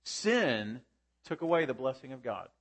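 A man's voice: medium pitch, sing-song, unhurried. A man preaching a sermon, teaching the congregation with rhetorical questions and emphatic rises and drops in his voice. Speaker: pastor.

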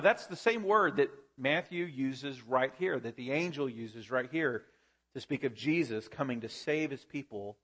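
A man's voice: on the high side, a bit bright. A man preaching a sermon, teaching the congregation with rhetorical questions and emphatic rises and drops in his voice. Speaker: pastor.

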